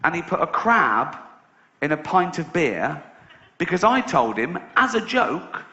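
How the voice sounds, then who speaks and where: A man's voice: on the high side, big pitch swings, a little slow, bright, forceful tone. A man with an English accent doing a stand-up comedy set, telling stories, acting out other people's voices and breaking into laughter. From England. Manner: storytelling with acted-out voices and bursts of laughter. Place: large theatre stage before a live audience. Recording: roomy, muffled live concert recording. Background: audience laughter.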